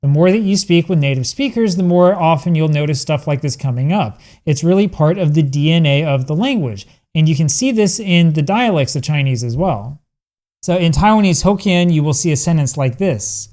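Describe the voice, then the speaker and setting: A man's voice: on the high side, lively intonation, moderate pace, a little mellow. A man teaching a language lesson, patiently explaining grammar and reading example sentences aloud.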